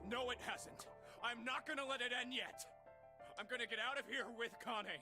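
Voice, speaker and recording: Game voice: a frantic young man, very high-pitched, shouting over music. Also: steady tone, fairly quick. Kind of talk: video game voice acting. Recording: game audio heard through stream, far off.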